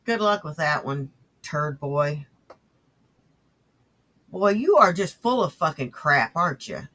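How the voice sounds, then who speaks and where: A man's voice: on the high side, lively intonation, slow, bright, forceful tone. A man hosting a profane reaction show, mocking and sarcastic as he talks back to clips. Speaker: host.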